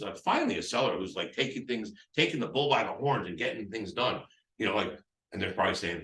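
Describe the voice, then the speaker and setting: In a sing-song, fairly low voice with a bit of brightness, a man briskly coaches real estate agents on phone scripts. He keeps restarting and wandering off track while acting out both sides, seller included. The live session was recorded at a distance in a reverberant space.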